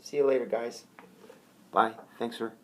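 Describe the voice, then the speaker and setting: A man teaching ukulele patterns in a relaxed, hesitant way, counting the beats aloud. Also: mid-range voice, normal speed. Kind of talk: casual music lesson. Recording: ukulele music under the voice. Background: ukulele playing.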